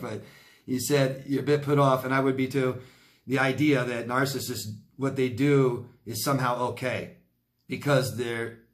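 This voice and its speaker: A middle-aged man, a relationship coach, answering viewer questions in a casual, blunt, emphatic way that repeats points for stress. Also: medium pitch. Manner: blunt, emphatic, repeats himself, occasional swearing.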